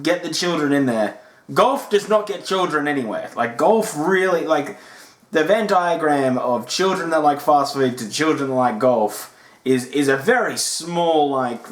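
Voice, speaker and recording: A man, hosting a podcast and chatting casually in reaction to old commercials. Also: medium pitch. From Australia. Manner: chatty, laughing, filler-heavy. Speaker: podcast host. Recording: echoey room.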